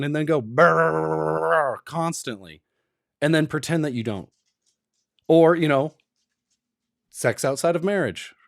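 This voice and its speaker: A man's voice: on the high side, a little mellow, no room sound, studio quality. A young adult man giving an emphatic, rambling, opinionated commentary. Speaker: commentary vlogger.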